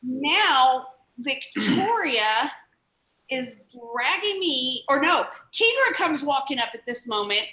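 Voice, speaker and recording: A woman's voice: high-pitched, sing-song, slow, sharp tone. A woman host in a casual interview, telling a story in a chatty way. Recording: roomy echo.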